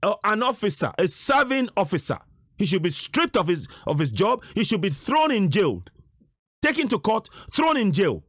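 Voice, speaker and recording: Indignant man, high lively voice. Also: moderate pace, no echo, clean studio sound. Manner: insistent, repeats "you see?", indignant. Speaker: activist commentator. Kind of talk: commentary over video footage.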